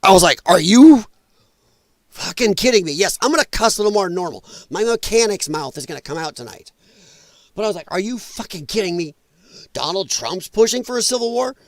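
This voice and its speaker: A man's voice: sits high, animated, a little fast, no echo. A man hosting a podcast, delivering a heated, profane political rant in an emphatic, exasperated way. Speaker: podcast host.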